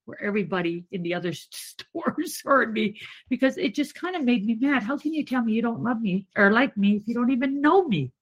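A woman caller on a live talk show, telling a personal story in an animated way, with many fillers. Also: a little high, fairly quick, rough recording.

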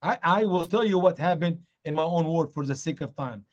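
A man's voice: brisk, lo-fi sound. A man teaching from the Bible with great energy, acting out the people in the story in raised voices. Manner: excitable, acts out dialogue in high voices. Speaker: guest preacher. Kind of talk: animated evangelistic teaching.

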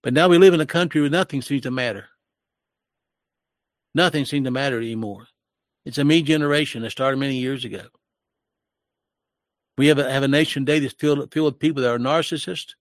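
A man's voice: mid-range voice, a little fast, long pauses, no room sound, studio quality. An older man in his sixties giving emotional, preachy commentary in a sermon-like style, with his voice rising when he gets worked up.

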